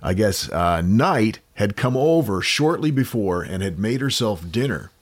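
A man's voice: on the low side, animated, unhurried. An American man hosting a podcast, casually telling a true crime story with wry, offhand jokes.

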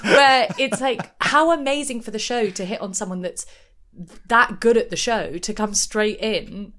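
A young woman co-hosting a podcast in casual chat, talking in an animated, gossipy way with frequent laughs and fillers. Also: on the high side, a little slow. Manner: chatty, animated, laughs often, many fillers. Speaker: podcast co-host.

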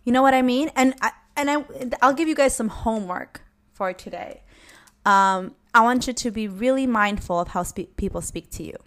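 Frank, animated young woman host. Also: a little high, moderate pace. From Latina. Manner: frank, animated, swears casually, acts out her own comebacks. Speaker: podcast host. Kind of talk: casual advice chat.

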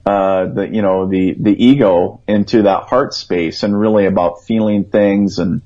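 A guest psychic on call-in radio, this man has a warm, lowish voice with a steady tone and a measured pace. He rambles earnestly in a conversational story, quoting his own thoughts aloud, captured in dull lo-fi radio sound.

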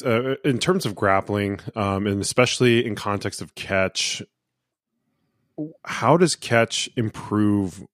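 A man hosting a podcast, asking a long interview question in measured, searching phrases with fillers. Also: lowish voice, no echo, studio quality. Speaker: podcast host.

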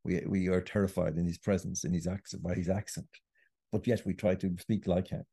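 A man's voice: low-pitched, level tone, fairly quick, mellow, slightly rough, no echo, clean studio sound. A middle-aged Irish man, a writer and podcast guest, making a long, earnest argument. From Ireland. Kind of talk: podcast interview.

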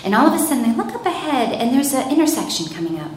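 A woman telling a personal story in a lively way, acting out panicked quotes. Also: high voice, fast talker. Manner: animated, acts out panicked quotes. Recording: very echoey room, faint noise.

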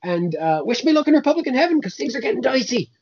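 A man's voice: very high voice, big pitch swings, quick pace, a little mellow, breathy edge, lo-fi sound, voice pushed up, exaggerated voice. A man voicing Saint Patrick as a cranky, profane old saint, ranting indignantly. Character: Saint Patrick, cranky foul-mouthed old Irish male saint.

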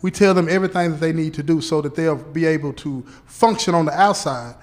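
A man playing a parole officer who explains things slowly and deliberately, checking in often with "okay?" and "right?". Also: a little high, lightly acted. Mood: explaining. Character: patient male parole officer briefing a relative.

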